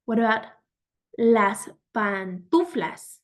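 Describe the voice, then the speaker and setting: Woman teacher going super slow thru vocab, kinda high voice, patient and encouraging. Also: expressive. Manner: patient, encouraging, repeats words slowly. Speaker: Spanish teacher. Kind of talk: slow vocabulary lesson with pauses.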